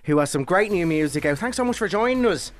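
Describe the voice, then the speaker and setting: Bubbly Irish radio host, higher voice. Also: male voice, expressive, fast, faint music behind. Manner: bubbly, enthusiastic. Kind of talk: radio show hosting. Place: radio studio.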